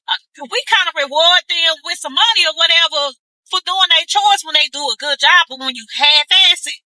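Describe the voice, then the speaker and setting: A woman in her 50s vlogs from her car, chatting casually with her viewers and calling them "baby." Her voice is very high and her pace moderate, chatty and animated. There's no echo, but the audio quality is poor.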